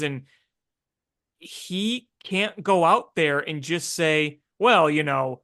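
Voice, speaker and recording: Slow-talking man co-hosting sports chat. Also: a little high, fairly bright tone. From Chicago area. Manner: agreeable, frequent fillers. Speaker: sports talk podcast co-host. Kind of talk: casual sports talk.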